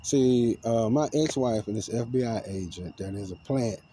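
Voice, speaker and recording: Rambling man, dark-voiced. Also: normal speed, a little hiss or hum. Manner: rambling, profane, paranoid, swinging between loud outbursts and low mutters. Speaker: vlogger. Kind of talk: agitated personal storytelling to camera. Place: outdoors among trees.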